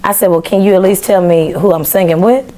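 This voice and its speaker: Animated woman telling a story. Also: mid-range voice, fast. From Memphis, Tennessee. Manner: animated, acts out quoted dialogue. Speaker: podcast guest. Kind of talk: casual storytelling.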